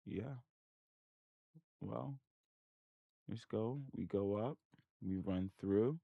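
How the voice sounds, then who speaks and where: A man's voice: on the low side, extremely slow, creaky, breathy edge, no room sound, phone-quality sound. A man hosting a trading channel, thinking aloud over his charts and muttering in frustration at his computer. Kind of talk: casual screen-share commentary.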